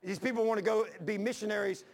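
High-voiced preacher, impassioned. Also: male voice, fairly even intonation, fast, gravelly. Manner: impassioned, folksy storytelling with restarts. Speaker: pastor. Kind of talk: sermon.

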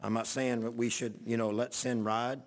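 A man's voice: medium pitch, flat delivery, normal speed. A middle-aged man, a pastor, telling a long folksy story in a rambling sermon. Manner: folksy, rambling anecdotal preaching.

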